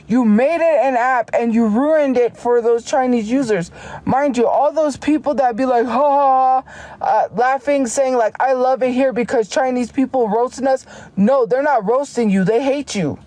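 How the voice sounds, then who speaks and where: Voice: high-pitched, darkish tone. A streamer ranting heatedly on a casual livestream, often restarting sentences. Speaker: live streamer.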